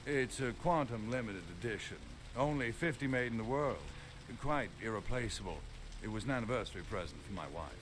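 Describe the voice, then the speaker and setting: A man's voice: medium pitch, fairly quick, natural voice. A man playing a nervous, stammering mark. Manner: hesitant, stammering. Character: nervous well-off man being shaken down. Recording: game audio with steady noise.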